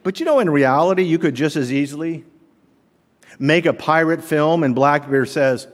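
A middle-aged man preaching a sermon as pastor, animated, asking the congregation rhetorical questions. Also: on the high side, normal speed. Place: church sanctuary. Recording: long reverb of a large hall.

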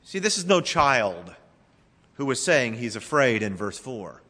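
A man preaching a sermon as pastor, folksy and emphatic, speeding up and slowing down for effect. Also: mid-range voice, very animated, pushed and bright, big-room sound.

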